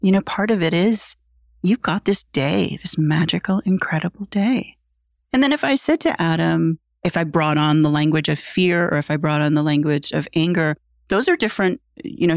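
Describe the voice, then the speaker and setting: A woman's voice: deep voice, fairly quick, gravelly, no echo, clean studio sound. A woman psychotherapist, a podcast guest, playfully coaching a host through a guided body exercise. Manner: playful, coaching, lively instructions.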